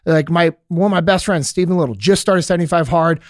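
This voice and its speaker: A man speaking as a podcast guest, earnest and steady, with frequent filler words. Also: on the high side, fast talker, dry recording, studio quality. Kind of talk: casual podcast chat.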